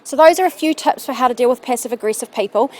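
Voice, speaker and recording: A woman giving calm, earnest, encouraging self-help advice straight to camera. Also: high-pitched, fast. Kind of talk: direct-to-camera advice talk.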